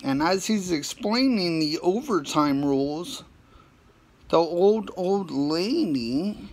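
Slow, gravelly man rambling through a story. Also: sits high, animated. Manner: halting, full of "uh" and "you know" fillers.

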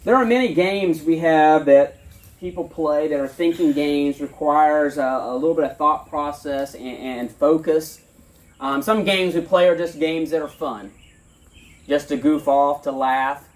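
A pastor giving a sermon outdoors, reading scripture aloud and then talking in a plain, earnest way with fillers and restarts. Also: male voice, fairly high pitch, unhurried, distant mic. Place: outdoor church service.

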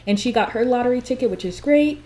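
Young woman, gaming commentary, bubbly and gushing, voice on the higher side but soft and mellow in tone. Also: fast. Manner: gushing, excitable, high swoops on exclamations. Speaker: gameplay commentator. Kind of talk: casual game commentary.

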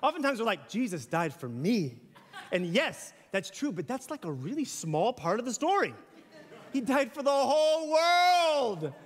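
A man preaches in a church, chatty and animated, tossing in playful asides. His voice sits high for a man. The sound rings with the long reverb of a large hall. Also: normal speed. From US South. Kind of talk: sermon. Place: church sanctuary.

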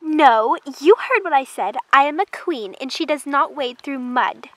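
A woman's voice: high-pitched, lively intonation, a little slow, dry recording, poor audio. A woman voicing a vain, haughty gray mare who calls herself a queen, in a toy horse drama. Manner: snooty, dramatic, complaining.

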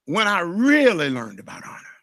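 A man's voice: sits high, wildly swooping pitch, normal speed, bright, forceful tone, no echo, studio quality. A middle-aged man preaching a sermon as a pastor, emotional and impassioned.

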